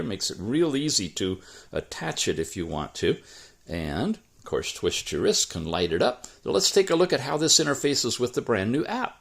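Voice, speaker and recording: A man reviewing a smartwatch in a casual, conversational walkthrough, explaining features as he demonstrates them. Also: gravelly. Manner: casual, conversational, lively pitch. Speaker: tech reviewer. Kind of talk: product walkthrough narration.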